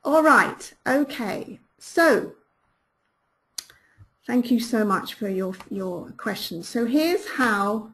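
A woman's voice: fairly high pitch, animated, a bit bright, a little hiss or hum. A woman business coach hosting a live webinar, upbeat and encouraging, who repeats her key questions to coax listeners into action. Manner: upbeat and encouraging, quick praise words. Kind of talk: live webinar talk, reading out listener comments.

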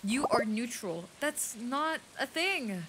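A woman's voice: a little high, animated, slow, a bit bright, a little hiss or hum. A young woman with a light Filipino accent, chatting casually on a game stream, reading chat aloud and swearing freely.

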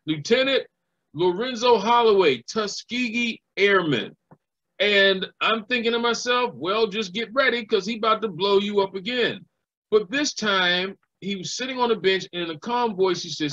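A man's voice: sits high, a little slow, bright, forceful tone, highs cut off. A man, a living historian and educator, giving a recorded history lecture and telling stories, acting out the voices of people he quotes.

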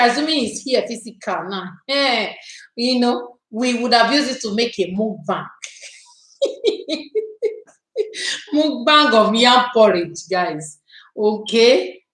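A woman with a Nigerian English accent hosting a casual live stream, greeting viewers by name and chatting with drawn-out words. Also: a little high, fairly bright tone, roomy sound, low-quality recording.

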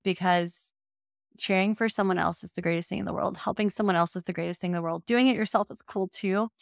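A woman's voice: on the low side, fairly even intonation, fast, vocal fry, no echo. Heartfelt woman podcast host, dry sound. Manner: heartfelt, emotional, says y'all often. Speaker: podcast host and business coach. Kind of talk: casual solo podcast talk.

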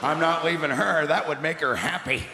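Gravelly ranting middle-aged stand-up man. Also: a little high, moderate pace, very noisy. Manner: gruff, ranting, deadpan asides. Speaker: stand-up comedian. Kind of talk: stand-up comedy. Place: large theatre stage. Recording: echoey theatre with loud laughing crowd.

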